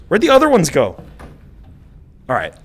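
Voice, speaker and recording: A male streamer giving casual gameplay commentary, excitable and swearing as he talks back to the game. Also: on the high side, moderate pace, husky.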